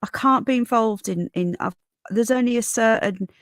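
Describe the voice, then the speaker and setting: In a fairly high voice at normal speed, a worn-out woman with a Northern English accent chats on a casual livestream. She goes through the chat calling out viewers' names and calling them darling and sweetheart. The clean studio recording has no echo.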